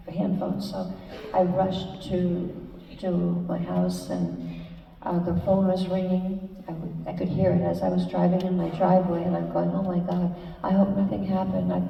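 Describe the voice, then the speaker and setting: An older woman telling her life story on stage, halting and warm, with many fillers and restarts. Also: lowish voice, vocal fry, highs cut off, a little hiss or hum. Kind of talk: live stage conversation with audience. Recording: echoey hall, speaker far from mic.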